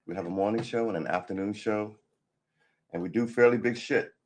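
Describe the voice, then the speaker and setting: A hoarse man hosting a casual morning live stream, rambling through a story and laughing at himself. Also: fairly low pitch, fairly quick, a little mellow, slight background noise.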